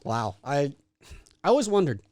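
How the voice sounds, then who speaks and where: A man's voice: on the high side, very animated, moderate pace, a little mellow, no echo. A young man co-hosting a podcast, joking around and reading a silly backstory in a playful way. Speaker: podcast co-host. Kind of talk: casual chat, reading a made-up backstory.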